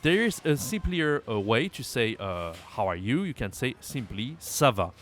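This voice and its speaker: A man with a French accent teaching a casual online lesson, repeating words slowly for learners with frequent fillers. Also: mid-range voice, sing-song, fairly bright tone.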